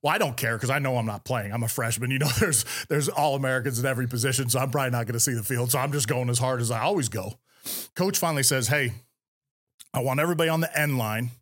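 A middle-aged man from California, a podcast guest and former military officer, telling stories in an energetic interview with frequent restarts. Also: mid-range voice. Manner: fast, energetic storytelling with repeated words and restarts. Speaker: podcast guest, former Navy SEAL commander. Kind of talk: storytelling interview talk.

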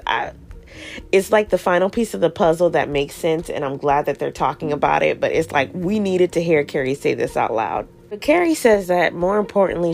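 A woman hosting a casual recap show, animated and sassy, acting out characters' lines in playful voices. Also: low-pitched, creaky. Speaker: podcast host recapping a TV show. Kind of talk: casual chat.

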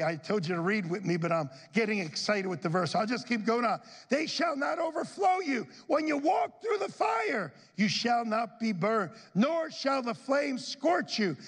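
High lively male pastor preaching, husky voice, big echoey church hall. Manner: animated, shouts scripture with rising excitement. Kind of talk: sermon. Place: church sanctuary. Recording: long hall reverb.

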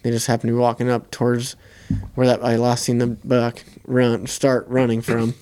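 A young man co-hosting a podcast tells a hunting story in a loose, easygoing way, swearing often. His voice is smooth and clear, in a middle pitch. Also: moderate pace. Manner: relaxed, profane storytelling. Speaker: podcast co-host. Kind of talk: casual hunting story chat.

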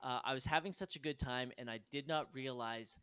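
A man's voice: medium pitch, fairly quick, a bit bright, clear, resonant tone, no echo, studio quality. A man co-hosting a film podcast, talking with enthusiasm and swearing freely. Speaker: podcast co-host. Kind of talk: casual film review chat.

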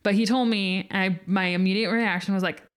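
A young woman co-hosts a relaxed podcast chat. She tells a personal story in a chatty way, leaning on "like" again and again. Her voice sits at a middle pitch. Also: fairly quick, clean tone. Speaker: podcast co-host. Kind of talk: casual chat.

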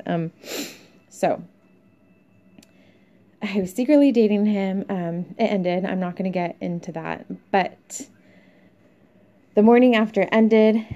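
A woman's voice: lowish voice, dark tone. A young woman hosting a podcast, talking candidly in a rambling, confessional way with fillers and small laughs. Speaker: podcast host. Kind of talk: casual confessional monologue. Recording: dull lo-fi sound.

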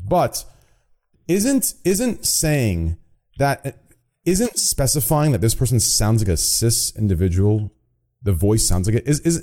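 Lively, mellow-voiced podcast host. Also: male voice, mid-range voice. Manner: stammering, rhetorical questions. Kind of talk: casual debate.

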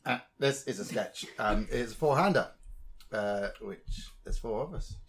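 A man hosting a comedy podcast talks in a rambling, hesitant way full of jokey asides. His mid-pitched voice moves lively up and down. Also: a little slow. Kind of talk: casual banter.

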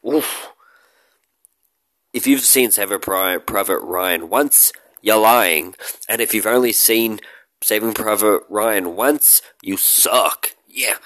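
A movie vlogger rambles casually to his audience about films he likes, joking around with loud shouted bits and laughter. His voice is lowish and his pace slow, with no room sound.

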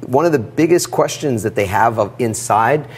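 A middle-aged man telling a personal story in an interview, animated and acting out the dialogue. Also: mid-range voice, moderate pace, husky. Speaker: guest.

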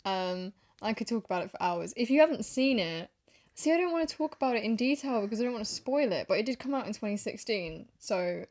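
A woman's voice: medium pitch, animated, brisk, a little mellow. A woman co-hosting a podcast, chatting casually, gushing and giggly. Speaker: podcast co-host. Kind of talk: casual chat.

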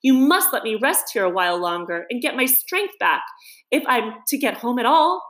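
A woman's voice: a little high, very animated, moderate pace, a bit bright, roomy sound, pitched above the performer's own voice. A woman voicing a small, timid male mole in a storybook reading, sounding weary and apologetic. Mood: tired, apologetic. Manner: pleading, apologetic.

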